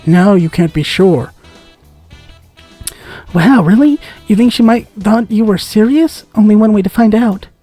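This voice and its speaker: A man's voice: sits high, unhurried, long pauses, dark tone, soft background music. A man giving let's-play commentary, reading game text aloud and making joking asides with frequent giggles. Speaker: gaming content creator.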